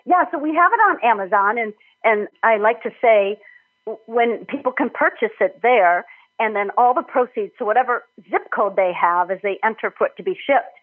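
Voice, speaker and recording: A middle-aged woman from Minnesota, an author being interviewed on a podcast, talking warmly and enthusiastically with frequent laughter. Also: on the high side, moderate pace, husky. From Minnesota, United States. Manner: warm, enthusiastic, laughs often. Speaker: author and nutrition guest. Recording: tinny phone-like line.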